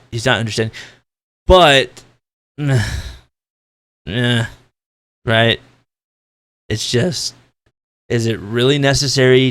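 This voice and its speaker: A man ranting as a gaming commentator, with a gritty voice and a loud, blunt, profane way of talking. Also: mid-range voice.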